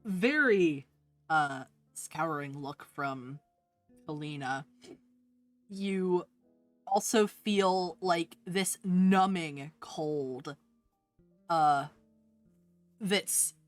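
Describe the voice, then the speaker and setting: A woman narrating as game master of a tabletop game, soft and hesitant, with many fillers. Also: low-pitched, drawn-out words, pauses often, dry recording, faint music behind.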